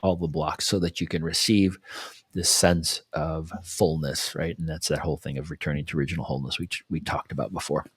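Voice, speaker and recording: A man's voice: very deep voice, fairly even intonation, a little fast, breathy edge, no echo. A man co-hosting a podcast, talking in a reflective, casual way and often checking in with "you know" and "right?". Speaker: podcast co-host. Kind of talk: casual conversational podcast talk.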